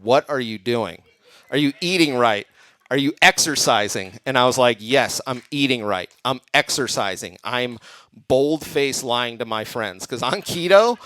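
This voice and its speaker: A man performing a crude, deadpan stand-up comedy set on a comedy club stage. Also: mid-range voice, clean tone, no room sound, clean studio sound. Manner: deadpan punchlines, crude jokes.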